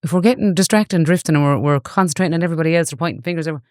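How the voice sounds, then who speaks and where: Brief: Galway Irish woman, forties, rapid and chatty guest, smooth clear voice, dry close sound. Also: low voice, darkish tone, dry recording. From Ireland. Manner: chatty storyteller, earnest. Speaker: guest, online safety educator. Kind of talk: casual interview chat.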